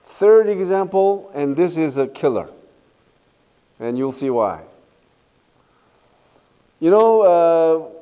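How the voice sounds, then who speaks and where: A middle-aged man with a Korean accent giving a university lecture, unhurried and often checking in with "okay?" and "right?". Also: a little high, warm tone. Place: lecture hall. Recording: lecture hall with long reverb.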